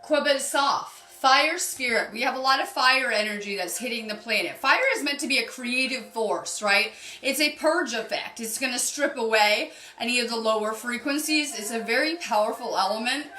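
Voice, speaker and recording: A woman streaming a casual spiritual card reading, chatty and upbeat as she greets viewers by name. Her voice is bright and a little high. The room is echoey, with faint music playing behind her. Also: moderate pace. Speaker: spiritual healer reading cards on a live stream.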